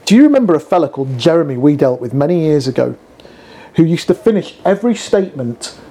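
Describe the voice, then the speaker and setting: A man co-hosting a casual chat about sales, talking quickly with asides and acted-out phone calls. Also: on the high side, very animated, mellow, slight background noise. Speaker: podcast co-host.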